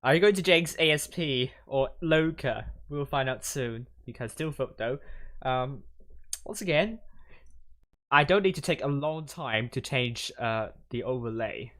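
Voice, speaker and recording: A man casting a live esports stream, talking in a rambling, halting way with frequent fillers and restarts. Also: medium pitch, a bit bright. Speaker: stream caster.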